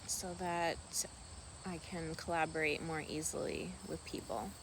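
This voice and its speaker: Soft, slow-talking woman outdoors. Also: sits low, steady tone, noisy background. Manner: soft-spoken, meandering, affectionate toward her pets. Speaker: vlogger and duck keeper. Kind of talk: casual rambling vlog. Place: outdoors on a rural farm by water.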